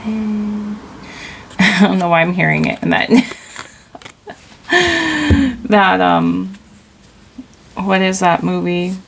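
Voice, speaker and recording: Woman tarot reader, low and unhurried, gravelly edge, loose rambling delivery. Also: level tone, slight background noise, rough recording. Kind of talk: casual intuitive tarot reading.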